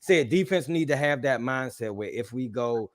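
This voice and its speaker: A man hosting a casual sports chat, animated and joking. His voice jumps between loud bursts and quiet asides. It is recorded dry and close, with no room sound. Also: mid-range voice, normal speed, no echo. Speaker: podcast host.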